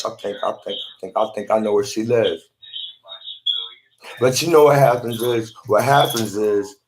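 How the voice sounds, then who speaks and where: Guy rambling into his phone, keeps repeating and restarting, mid-pitched voice. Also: slight background noise. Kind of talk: rambling monologue to camera.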